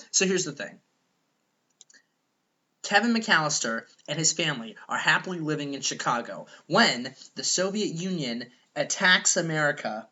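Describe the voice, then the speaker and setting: Young male podcast co-host, bright and high-pitched, rambling comic storyteller on a dull lo-fi recording. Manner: rambling, animated, acts out characters in quoted voices. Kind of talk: casual comedic movie pitch.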